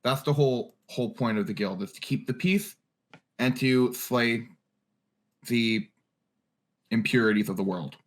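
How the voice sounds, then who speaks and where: A man narrating as game master in an online tabletop game, often pausing with fillers and laughing. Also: mid-range voice. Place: home room, online session.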